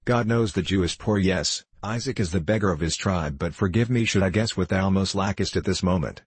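A man reading aloud gives a humble, eager merchant who pleads in a hurried, earnest way. The voice is deep and a little husky. It sounds close and dry, with no room echo. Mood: pleading. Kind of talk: audiobook character voice.

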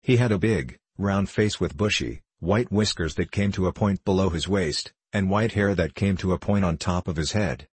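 A man narrating a storybook aloud in a steady, measured reading. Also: low voice, breathy edge, no room sound.

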